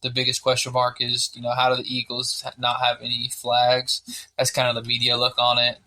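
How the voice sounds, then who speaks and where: A man's voice: medium pitch, a little fast. A man co-hosting a sports podcast, talking casually with lots of swearing and rambling. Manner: profane, rambling, excitable. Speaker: podcast co-host.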